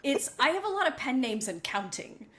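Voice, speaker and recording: A woman's voice: sits high, sing-song, noisy background. A woman co-hosting a book podcast, chatting casually, upbeat and teasing her co-host. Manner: upbeat, teasing, quick to laugh.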